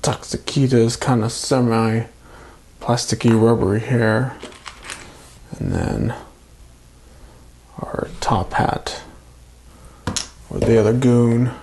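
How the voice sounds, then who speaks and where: A man casually narrating a toy unboxing and build, calmly explaining each step. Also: medium pitch, slow pace, vocal fry, pauses often, slight background noise. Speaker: toy reviewer.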